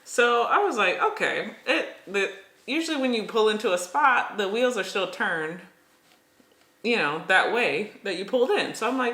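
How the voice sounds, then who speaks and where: Middle-aged podcast co-host, animated storyteller, bright forceful voice, echoey room. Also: medium pitch, normal speed. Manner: animated storytelling, laughs when nervous. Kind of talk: casual chat.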